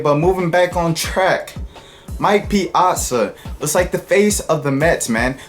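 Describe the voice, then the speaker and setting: A man talking casually to camera about sports, chatty and joking with quick asides. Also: fairly high pitch. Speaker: sports vlogger.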